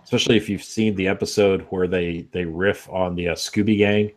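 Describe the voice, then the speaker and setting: A man's voice: deep voice, steady tone, brisk, a little hiss or hum. A man in a casual podcast chat, laid-back and joking.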